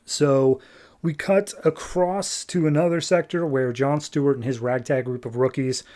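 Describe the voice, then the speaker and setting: A man hosting a podcast, casually retelling a comic book story and slipping into quick character voices. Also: medium pitch, fairly even intonation, dark tone. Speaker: podcast host.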